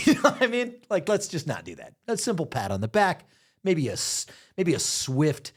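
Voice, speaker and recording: Profane man with lively animated voice. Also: on the high side, moderate pace, slightly rough. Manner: profane, laughing storyteller with lively impressions. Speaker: podcast co-host. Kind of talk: casual chat.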